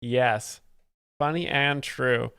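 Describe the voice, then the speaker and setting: A man's voice: medium pitch, steady tone, extremely slow, a bit bright, smooth, no room sound, clean studio sound. A young man hosting a comedy live stream, explaining jokes in an ironic, fake-earnest, rambling way. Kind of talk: mock-expert comedy commentary.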